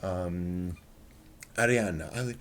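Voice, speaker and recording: A man's voice: deep voice, very slow. A man hosting a casual chat, hesitant and full of "um"s. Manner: hesitant, many "um"s. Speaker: podcast host.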